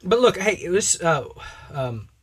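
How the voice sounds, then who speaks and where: A man's voice: high-pitched, sing-song, a little slow, fairly bright tone, slight background noise. A man co-hosting a religious podcast, talking emphatically and preachily and acting out quoted voices in casual discussion. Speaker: podcast co-host.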